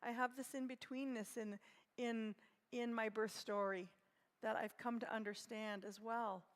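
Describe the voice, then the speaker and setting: Woman, 60s, gentle reflective speaker; high-ish voice, reverberant hall. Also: fairly even intonation, unhurried. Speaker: conference speaker. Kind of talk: personal talk at a conference.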